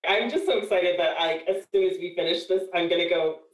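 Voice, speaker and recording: A woman in her thirties talking in a dramatic, excitable way in casual chat. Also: fairly low pitch, a little fast. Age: 30s. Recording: roomy sound from a distance.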